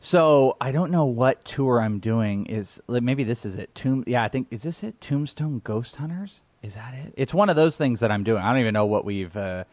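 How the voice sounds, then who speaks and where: Male co-host, mid pitch, rambling and laugh-prone, dry close-mic sound. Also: expressive, moderate pace, hardly any pauses, darkish tone, dry recording. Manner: rambling, laughs often, trails off and restarts. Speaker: podcast co-host. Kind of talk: casual chat.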